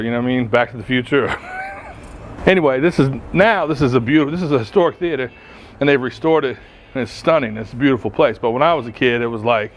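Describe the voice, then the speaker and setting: A man telling profane, animated stories as a podcast host while walking outdoors through his hometown. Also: medium pitch, a little hiss or hum. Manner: profane, animated storyteller who acts out quoted voices. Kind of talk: casual storytelling on a walking tour. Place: outdoors on a town street.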